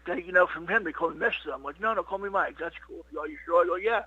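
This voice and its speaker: A man's voice: high voice, very fast, bright, forceful tone, slightly rough, no echo. A middle-aged man, a comedian being interviewed, telling stories in a rambling casual way, full of "you know what" and "he goes". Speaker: comedian guest. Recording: dull lo-fi dry recording.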